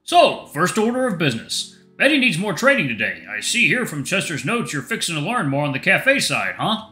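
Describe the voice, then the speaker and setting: A man voicing an easygoing adult male animal who runs a café and talks in a relaxed, reassuring way in a visual novel. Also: a little high, normal speed, reverberant, faint music behind, pitched above the performer's own voice.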